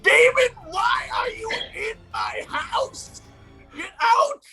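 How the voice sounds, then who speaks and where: A man's voice: high-pitched, big pitch swings, slow, music in the background, exaggerated voice, poor audio. A man voicing a frail old woman pretending to be a librarian, scolding and shrieking.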